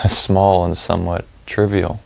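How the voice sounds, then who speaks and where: Male meditation teacher, deep voice, unhurried and gentle guided delivery. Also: gravelly. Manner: slow, calm and gentle. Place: home, near a backyard.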